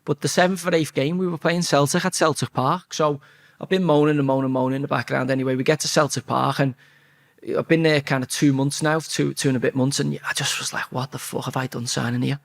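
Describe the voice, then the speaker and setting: A man's voice: medium pitch, fast, creaky. Man, forties, blunt sweary storyteller, mid-range voice. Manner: blunt, sweary, animated anecdote-telling. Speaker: footballer telling a story. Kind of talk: casual storytelling interview.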